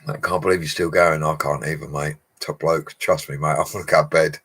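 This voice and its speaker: A low-pitched man chats casually through a livestream Q&A. He is a bricklayer answering viewers' questions in a matey, easygoing way and laughs often. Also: steady tone, fairly quick, a bit bright, husky.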